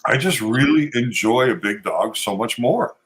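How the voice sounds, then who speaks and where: A man co-hosting a casual chat, easygoing and quick to laugh. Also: medium pitch, expressive, fairly bright tone, husky. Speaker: podcast co-host.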